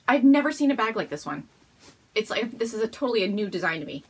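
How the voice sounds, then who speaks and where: Bubbly, gushing woman with a husky voice. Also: fairly high pitch, big pitch swings, fast talker. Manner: gushing, bubbly, breaks into laughs. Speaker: podcast host. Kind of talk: casual show-and-tell.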